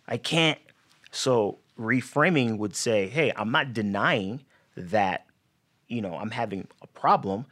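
A man's voice: fairly low pitch, lively intonation, takes it slowly, a bit bright. A man on a podcast explaining mental reframing for athletes, talking casually and acting out players' inner voices. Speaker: sports psychology guest.

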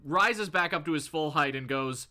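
A man's voice: a little high, moderate pace, sharp tone. A man co-hosting a casual podcast, animatedly retelling a comic and laughing often. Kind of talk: casual chat.

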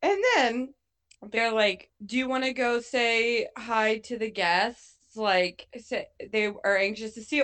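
A woman's voice: fairly high pitch, fairly even intonation, a little slow, a bit bright. A woman recapping a movie in casual chat, swearing a lot and acting out her own reactions. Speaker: co-host.

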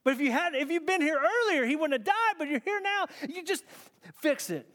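A man's voice: very high-pitched, lively intonation, fairly quick, fairly bright tone, pitched above the performer's own voice. A man voicing a grieving woman who pleads desperately, his voice rising as he acts her out. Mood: pleading.

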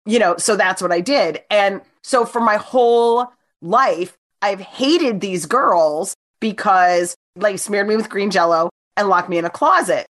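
A woman from New Jersey tells a story in a casual chat, her voice sitting at a middle pitch. She is animated and acts out the lines of the people in her story with big leaps in pitch. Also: a little slow, hardly any pauses.

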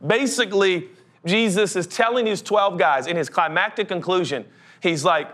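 A young adult man preaches a sermon as a pastor at a moderate pace. He's animated, slips into comic voices, and builds to an urgent pitch.

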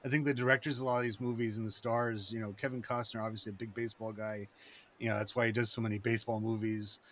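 A man talking in a rambling, excitable way, with lots of fillers and restarts, in a casual chat. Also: lowish voice, fast, a little hiss or hum.

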